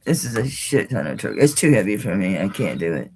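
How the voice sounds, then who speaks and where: A woman with a low voice hosts a casual live jewelry sale, chatty and exclaiming. Her pitch swings widely as she talks, and she drops in mild swearing. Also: sing-song, fast talker, a little mellow, slightly rough. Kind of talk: casual live-stream sales talk.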